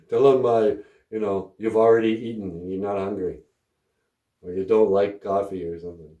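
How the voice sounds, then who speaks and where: Slow, laughing man telling stories. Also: on the low side, dark tone, reverberant. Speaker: host of language podcast. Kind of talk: casual storytelling lesson.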